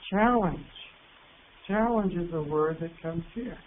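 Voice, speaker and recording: A man presenting an online teacher workshop, patient and encouraging, reading words out slowly. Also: high-pitched. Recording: tinny phone-like line with faint hiss.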